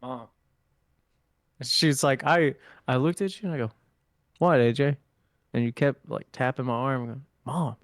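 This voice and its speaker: A man's voice: medium pitch, a little fast, dry recording, studio quality. A young man co-hosting a podcast, telling funny stories casually, acting out quotes and swearing freely. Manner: animated storyteller, acts out quotes, swears freely. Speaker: podcast co-host. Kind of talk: casual storytelling chat.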